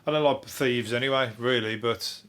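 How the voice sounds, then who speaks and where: A rambling comic from rattles through the day's odd news on his own podcast. He swears freely, trips over his words and chuckles at his own jokes, and his voice sits at an everyday middle pitch. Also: normal speed, a bit bright. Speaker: podcast host. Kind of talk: comedic news review.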